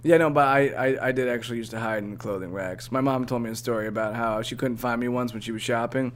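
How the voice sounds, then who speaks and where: A man's voice: mid-range voice, fast talker. A young man co-hosting a podcast in casual chat, easygoing and chatty as he moves through the segments. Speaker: podcast co-host.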